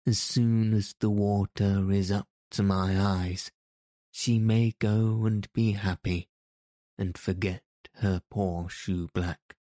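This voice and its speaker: A cool, resolute young prince, read by a man in a storybook audiobook, calm and polite. The voice is low and slow, warm and dark in tone, recorded dry and close. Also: no room sound. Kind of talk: audiobook character reading.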